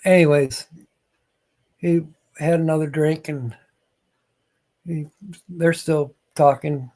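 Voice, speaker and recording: Older male streamer, slightly high voice, unhurried rambling chat, chuckles a lot. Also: steady tone, a little mellow. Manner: slow, rambling, chuckles between lines. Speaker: live stream host. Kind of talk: casual live-stream chat with viewers.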